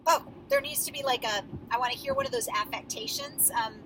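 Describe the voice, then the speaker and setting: A woman's voice: high-pitched, wildly swooping pitch, a little fast. Woman, drama coach, encouraging, explanatory, filler-heavy, distant mic, traffic noise behind. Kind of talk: acting feedback for students.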